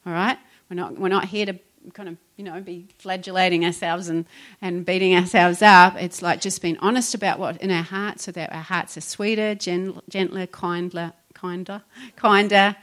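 Middle-aged woman, pastor, conversational sermon, animated. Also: on the low side, moderate pace. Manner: conversational, animated, acts out her own complaints.

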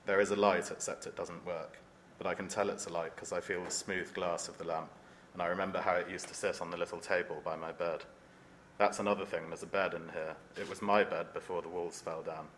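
A man's voice: low voice, little pitch movement, fairly bright tone, a little hiss or hum. Man reading as a trapped slum boy. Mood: haunted. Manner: solemn, measured reading in his own unaccented voice. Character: trapped teenage boy from a slum, haunted, alone. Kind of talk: reading aloud from a novel.

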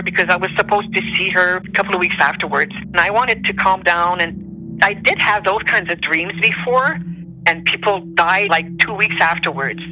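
A woman's voice: mid-range voice, slight background noise, low-quality recording. Emotional Quebec French-accented woman storyteller. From Montreal, Canada. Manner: emotional, animated, voice rising on quoted speech. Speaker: storyteller guest. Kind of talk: personal storytelling.

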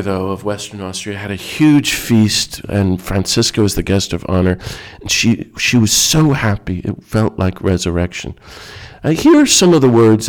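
A man giving a reflective talk in an earnest, emphatic way. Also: on the low side.

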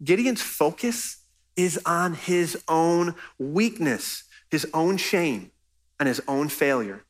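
A man's voice: on the high side, expressive, slow pace. A man preaching a sermon as pastor, earnest and conversational, pressing his points with emphasis.

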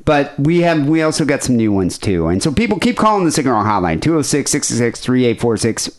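A man's voice: mid-range voice, big pitch swings, fast. Guy hosting a podcast, rambling and jokey, voice bouncing up and down. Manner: rambling, joking, lots of fillers. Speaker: podcast host. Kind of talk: casual podcast banter.

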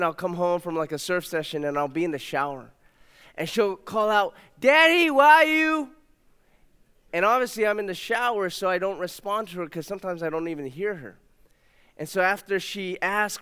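A pastor in his thirties giving a sermon in a church, telling a family story warmly and moving into prayer. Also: clear, resonant tone. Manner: warm storytelling, puts on a high toddler voice for his daughter. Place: church sanctuary. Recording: long reverb of a church hall.

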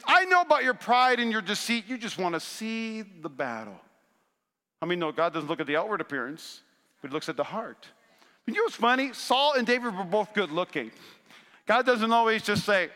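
Pastor guy preaching, high bright voice, lots of hall echo, gets the crowd to answer back. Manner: preaching with rising bursts of intensity and call-and-response to the congregation. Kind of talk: sermon. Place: large church sanctuary. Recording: long church hall reverb.

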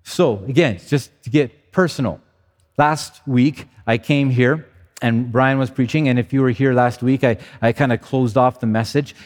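A man's voice: mid-range voice, fairly even intonation, moderate pace. Man preaching in a reverberant hall. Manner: earnest, conversational preaching with repeated restarts. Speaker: pastor. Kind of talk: sermon. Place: church sanctuary.

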